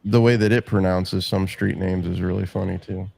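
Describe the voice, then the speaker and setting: Deep gravelly laid-back male co-host. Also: fairly even intonation, normal speed, a little mellow, dry recording. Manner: laid-back, short agreeing replies. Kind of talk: casual studio chat.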